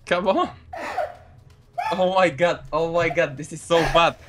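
High, coaxing young man. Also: steady tone, unhurried, background noise. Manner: pushy and coaxing, keeps urging and laughing. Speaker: guest co-player. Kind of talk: casual gaming banter.

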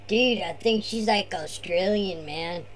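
A man's voice: sits high, slow, a bit bright. A man putting on a lazy surfer dude. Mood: laid-back. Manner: drawling slacker talk, bruh and man every line. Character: laid-back adult male surfer dude cousin.

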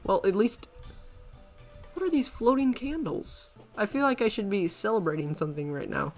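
A man giving let's-play commentary as a gaming channel host, excitable and rambling, often breaking into panicked exclamations. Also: high voice, moderate pace, gravelly, faint music behind.

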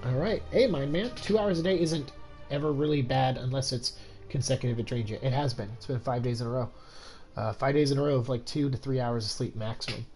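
Young male streamer, congested and exhausted, mid-range voice, hushed so he won't wake a roommate, loose rambling delivery. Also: mid-range voice, brisk, faint music behind, rough recording. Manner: keeping his voice down, rambling with many fillers. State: stuffed up with a cold. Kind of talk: casual game-stream chat. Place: home room at night.

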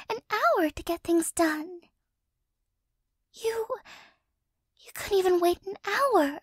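Very high, slow-spoken woman in whispered role-play. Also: lively intonation, no echo, clean studio sound. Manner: soft, flustered, doting, with frequent stammers and sighs. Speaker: ASMR creator.

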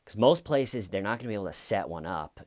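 A man's voice: lowish voice, lively intonation, quick pace, a little mellow, no echo, clean studio sound. A man giving casual true crime commentary in a rambling, conversational way. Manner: rambling, conversational, acts out quoted lines.

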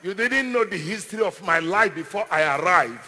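A man preaching a sermon as pastor, with call-and-response and repeated phrases that rise into shouted declarations. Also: sits high, lively intonation, brisk, long reverb tail.

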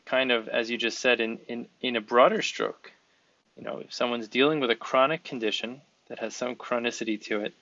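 A man's voice: mid-range voice, fairly even intonation, brisk, sharp tone, no room sound. A man hosting a podcast interview, speaking earnestly and encouragingly in long flowing sentences. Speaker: podcast host. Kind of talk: conversational interview. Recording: dull, slightly lo-fi sound.

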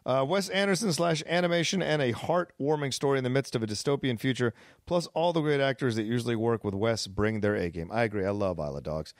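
A man's voice: medium pitch, fast talker, no room sound, studio quality. Enthusiastic man co-hosting a podcast. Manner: enthusiastic, thinks aloud with restarts. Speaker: podcast co-host. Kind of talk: casual chat.

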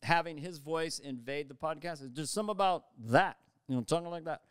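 A man telling stories as a guest comedian in casual conversation, animated and slipping into voices, on a studio mic. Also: a little high, brisk, clean tone, no echo. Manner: animated, slips into voices and quotes mid-story. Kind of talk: casual interview storytelling. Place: podcast studio.

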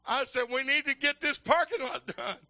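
An older man, a minister telling folksy stories in a sermon that build to shouting fervor. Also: very high voice, moderate pace, lo-fi sound. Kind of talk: storytelling sermon.

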